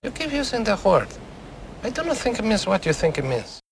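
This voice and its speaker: A man mimicking an indignant movie character in a high, exaggerated voice. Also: very animated, normal speed, a little hiss or hum. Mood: lofty.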